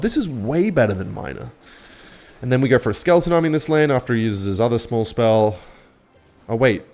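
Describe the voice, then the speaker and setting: A man's voice: medium pitch, darkish tone. Young guy narrating his game, cocky and sarcastic, swears a lot, voice jumps all over. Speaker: gaming content creator. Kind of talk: live gameplay commentary.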